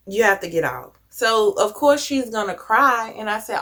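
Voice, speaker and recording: A woman's voice: a little high, expressive, moderate pace, hardly any pauses, bright, forceful tone. A woman vlogger talking earnestly to camera, giving conversational advice with casual slang. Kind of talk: reflective personal talk to camera.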